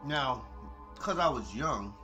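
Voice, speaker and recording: Man, late-night monologue, lively swooping voice, cussing, music playing under him. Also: mid-range voice, takes it slowly. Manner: animated, swears freely, laughs often; talks to listeners directly, repeats himself for emphasis. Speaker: podcast host. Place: at home, eating with a cat nearby.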